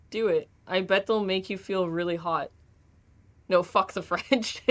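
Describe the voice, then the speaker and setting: A woman's voice: mid-range voice, steady tone, a little slow. A young woman streaming from home, chatting casually while gaming, giggling and joking as she reads chat aloud.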